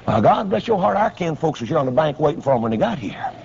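A man, preaching a folksy storytelling sermon that breaks into shouts. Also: on the high side, very animated, fast, creaky, a crowd in the background. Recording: dull lo-fi old recording.

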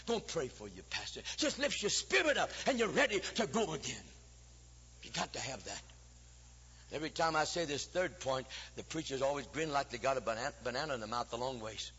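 Lively, bright-voiced man preaching in an echoing church. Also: a little high, normal speed, breathy edge. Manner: folksy, humorous storytelling with chanted preaching cadence. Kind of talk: folksy Baptist sermon. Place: church sanctuary. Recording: lo-fi hall recording with long reverb.

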